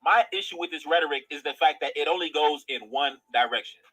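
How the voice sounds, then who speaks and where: Dude going off in a clip, bright forceful voice, kinda high, says bro every other line. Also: male voice, quick pace, breathy edge, poor audio. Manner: blunt, repeatedly says "bro". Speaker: commentator in a played clip. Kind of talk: casual opinion commentary.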